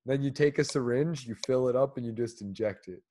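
A man talks through the news in a loose, casual podcast chat. He jokes crudely and laughs often. His voice sits at an ordinary pitch. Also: fairly quick, dark tone, a little hiss or hum. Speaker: podcast co-host.

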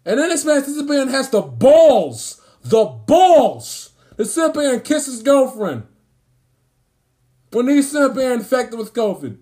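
A man's voice: very high-pitched, big pitch swings, measured pace, dark tone. A man ranting about sports, indignant and emphatic, hammering his points by repeating phrases. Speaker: sports commentator. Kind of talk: angry sports rant.

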